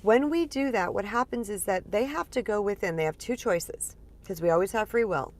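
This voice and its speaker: Woman, 40s, life coach, casual earnest teaching monologue, mid pitch. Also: moderate pace. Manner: earnest, lively, uses many fillers. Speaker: spiritual empowerment coach.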